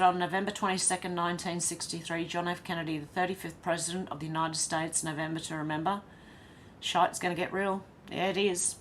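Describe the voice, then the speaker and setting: A woman's voice: lowish voice, a little hiss or hum. Chatty Australian woman reading live chat. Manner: chatty, reads comments aloud and reacts with laughs. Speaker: livestream host reading chat.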